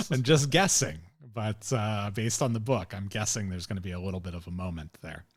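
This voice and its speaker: Recorded dry with clean studio sound, a man with a lowish, slightly bright voice co-hosts a podcast at normal speed. He recaps a TV episode in casual, rambling chat, full of opinions, fillers and chuckles.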